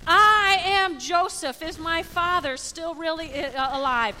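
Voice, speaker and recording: A woman's voice: very high voice, a little slow, bright, forceful tone, big-room sound, a little hiss or hum, pitched above the performer's own voice, exaggerated voice, poor audio. A woman voicing Joseph, earnest and forgiving. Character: forgiving biblical man revealing himself to brothers.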